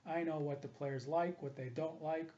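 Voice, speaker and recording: A man's voice: a little high, steady tone, moderate pace, dark tone. Combative ranting man, dull lo-fi audio. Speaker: hitting coach and columnist. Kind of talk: opinionated monologue.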